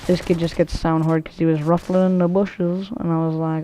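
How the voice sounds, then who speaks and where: Brisk and mellow, this woman's fairly low voice barely moves in pitch as she talks over a shooter match. She's a gameplay commentator who rambles, curses openly, and keeps dropping in fillers and restarting her sentences.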